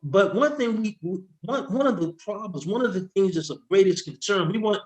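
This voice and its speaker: A man, a tax expert guest, explaining with slides in an excitable, rushing way that keeps interrupting itself. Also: sits high. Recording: echoey room.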